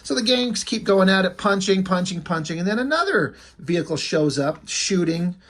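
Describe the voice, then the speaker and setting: A man's voice: high-pitched, animated, normal speed, a bit bright. A man giving casual, rambling, joking commentary as he reviews a comic book. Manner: rambling, joking, often breaks into laughter.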